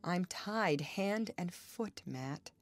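Brooding young farmer man, read by a woman, earnest, pleading, audiobook dialogue, slightly raised pitch. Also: animated, very slow, faint music behind, heavily acted.

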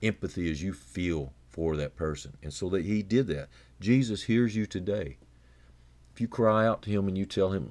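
A man preaching a radio sermon as a pastor, earnest and conversational, with frequent restarts and repeated words. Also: moderate pace. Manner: earnest, repeats words and restarts, rises in pitch for emphasis then drops low and quiet.

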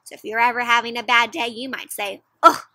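Young woman reading a kids' picture book aloud, super animated, lots of gasps and questions, high voice, dry close sound. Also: quick pace, dry recording. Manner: animated, gasping, asks children questions. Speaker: children's storyteller. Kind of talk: interactive read-aloud for kids.

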